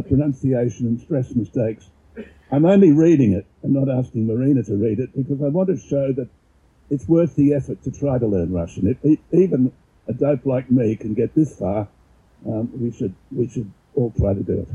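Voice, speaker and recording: A man giving an informal explanatory talk and reading poetry aloud, halting and often repeating words as he goes, measured when he reads verse. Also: mid-range voice, mellow, slightly rough. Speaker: presenter. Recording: dull lo-fi recording.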